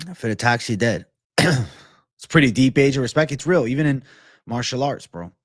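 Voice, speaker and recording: Young dude on a livestream, swears a lot, gets hyped, dry close sound. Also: male voice, medium pitch, brisk, dry recording. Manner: profane, excitable, laid-back bro talk. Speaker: MMA livestream host. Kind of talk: casual livestream chat reading comments.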